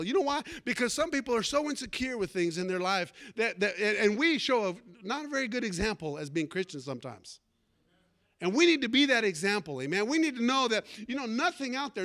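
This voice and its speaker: A man preaching a fervent sermon, calling out for amens and swinging between loud and hushed delivery. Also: extremely high pitch. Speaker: pastor.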